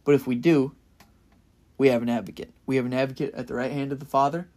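An earnest young man preaches in a casual, conversational way, talking through a passage for his podcast. His voice sits at an ordinary middle pitch and swells with enthusiasm at the high points. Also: fast talker. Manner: earnest and enthusiastic, rising to loud bursts of excitement. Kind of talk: casual Bible-study sermon.

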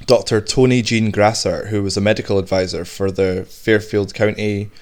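Lower-pitched man, rambling storyteller. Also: normal speed. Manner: animated, rambling storyteller with restarts. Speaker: podcast host. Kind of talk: casual chat.

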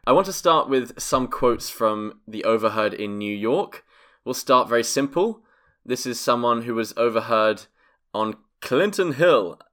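A man from London co-hosts a relaxed podcast chat. His voice sits at an ordinary middle pitch. He is playful and wordy, with slightly formal turns of phrase. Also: slow, long pauses. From London, England. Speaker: podcast co-host. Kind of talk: casual chat.

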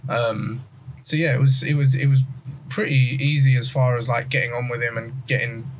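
A man's voice: medium pitch, moderate pace, a little hiss or hum. A man, a wrestler telling funny anecdotes in casual chat. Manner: animated, laughing anecdotes. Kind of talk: casual storytelling.

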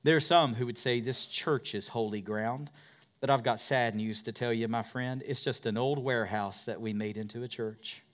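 A man preaching a sermon as pastor of a church, dropping to whispers and rising to loud peaks. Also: mid-range voice, steady tone, moderate pace. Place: church in a converted warehouse.

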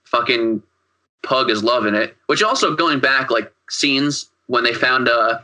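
A man's voice: medium pitch, unhurried, pushed and bright, low-quality recording. A man co-hosting a podcast, recapping a film in casual chat, rambling, profane and full of fillers. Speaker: podcast co-host.

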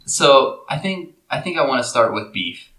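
Bright-voiced guy, spanish is his first language, chatty podcast cohost, echoey room. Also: mid-range voice, lively intonation, moderate pace. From Spanish-speaking country. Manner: chatty, laughs often, stammering restarts. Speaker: podcast co-host. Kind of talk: casual chat. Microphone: desktop mic on a video call.

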